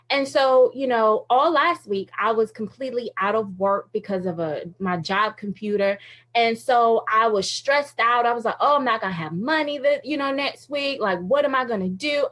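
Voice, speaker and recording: Chatty woman sharing a faith testimony. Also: on the high side. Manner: chatty, animated storytelling with frequent laughs; uses many fillers like "like" and "you know". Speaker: radio host and speaker. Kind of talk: casual faith talk.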